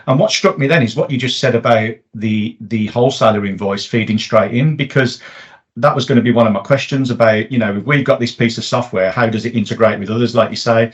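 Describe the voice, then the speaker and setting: Male host, mid-pitched, chatty and appreciative, lo-fi recording. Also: brisk. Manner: chatty, appreciative, asks leading questions. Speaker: podcast host. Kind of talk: casual podcast interview.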